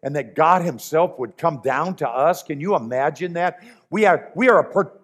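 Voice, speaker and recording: A man's voice: fairly high pitch, moderate pace. A man preaching a sermon in an earnest, emphatic way, repeating his key phrases.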